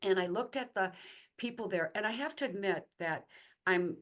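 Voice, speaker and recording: A middle-aged woman, a guest, telling a personal faith story in a conversational way, pausing with fillers and restarts. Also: mid-range voice, expressive, a bit bright.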